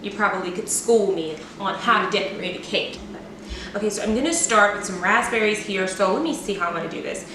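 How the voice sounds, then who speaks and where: A woman's voice: medium pitch, lively intonation, brisk, background noise. A woman hosting a home cooking video, chatting playfully and poking fun at herself as she decorates a cake. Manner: chatty and playful, self-deprecating. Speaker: cooking vlogger. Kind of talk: casual cooking demo chat. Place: home kitchen. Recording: echoey kitchen, mic at a distance.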